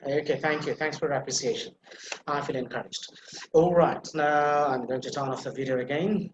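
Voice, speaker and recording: Through a slightly muffled video call with reverb and a little hiss or hum, a man with a voice on the high side talks at normal speed. He's teaching English pronunciation in a live online class, patiently repeating words and restarting phrases to explain.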